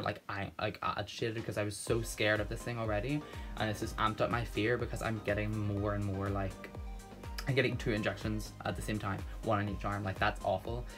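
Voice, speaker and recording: A man telling a story in a casual vlog, rambling and nervous, with lots of restarts and fillers. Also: fairly low pitch. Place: at home.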